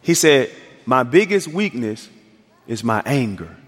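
A man's voice: mid-range voice, very animated, measured pace. A male pastor preaching a sermon, telling a story with acted-out dialogue and building to emphatic peaks. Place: church sanctuary. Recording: reverberant church hall.

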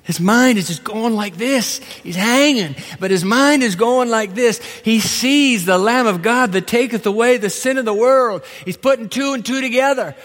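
A man preaching a sermon from the pulpit, acting out biblical dialogue in different voices. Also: high-pitched. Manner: animated, acts out biblical dialogue. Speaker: pastor. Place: large church hall. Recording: reverberant church hall.

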